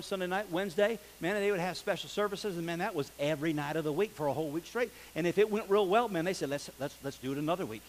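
Male pastor with a high voice, folksy animated sermon delivery, recorded in a reverberant church hall. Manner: folksy, animated preaching with shouts and laughs.

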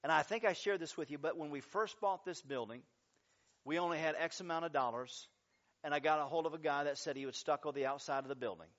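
A man preaching a sermon as pastor, telling stories with lively, dramatic changes of voice when he acts out quotes. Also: fast, muffled recording. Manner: animated storytelling, acting out quotes with big pitch jumps.

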